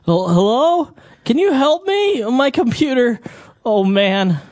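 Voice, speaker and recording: A woman voicing a panicky, confused man calling tech support, with frantic, high-pitched yelps, in a scripted comic dialogue. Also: lively intonation, slow pace, darkish tone, dry recording.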